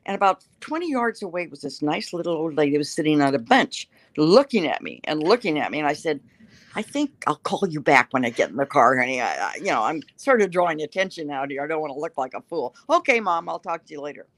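A woman's voice: sits low, very animated, fast talker, no room sound. Older lady guest rambling through funny stories, pokes fun at herself, dry close sound. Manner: chatty, self-mocking storyteller with laughs. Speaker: guest, writer. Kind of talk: casual interview chat, storytelling.

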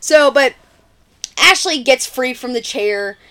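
Podcast co-host, woman, lively sing-song delivery, highish voice, acts out the lines as she retells the story. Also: slow pace. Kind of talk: casual movie recap chat.

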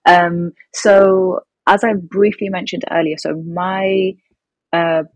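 A woman's voice: fairly low pitch, steady tone, slow pace, no room sound, poor audio. A young woman from England chatting casually as a podcast guest, hesitant with many ums and restarts. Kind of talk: casual conversation.

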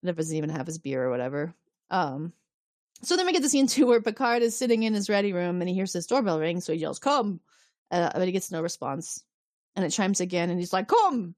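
Woman podcast co-host, casual recap, lively retelling, dry close sound. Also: fairly low pitch, fast talker, no room sound. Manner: animated retelling with acted-out quotes and laughs.

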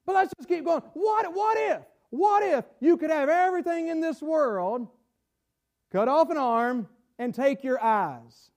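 A man preaching a sermon to his congregation, stumbling over repeated words and rising to shouts for emphasis. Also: very high voice, lively intonation, moderate pace. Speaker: pastor. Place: church sanctuary. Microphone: camera-recorded.

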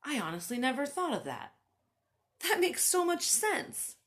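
A woman reading a blunt, sulky date of a man, accusatory and childish, lively in pitch. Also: a little slow, full character voice. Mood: amazed. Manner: accusatory, pouting. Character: rude, childish young man on a bad date.

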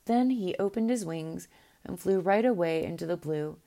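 A woman reading a fairy tale aloud in a gentle, unhurried way, with the odd small restart. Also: lowish voice, animated, gravelly. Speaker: storyteller. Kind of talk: storybook read-aloud.

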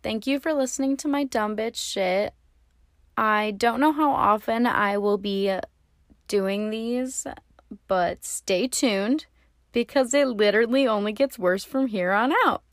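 A woman's voice: on the high side, unhurried, no room sound, studio quality. A young woman casually telling a story in a chatty, sarcastic way, swearing freely. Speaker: vlogger.

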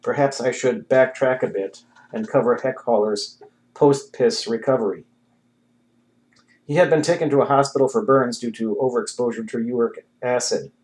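Male narrator, wry deadpan audiobook read, mid-pitched voice. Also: normal speed, rough recording. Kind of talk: audiobook reading.

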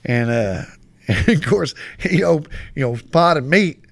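A man's voice: a little high, expressive, takes it slowly, creaky, dry recording. A middle-aged man with a West Texas accent, telling stories as a podcast guest in a loose, profane, joking way. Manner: drawling, profane, laughing storyteller. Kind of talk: casual storytelling.

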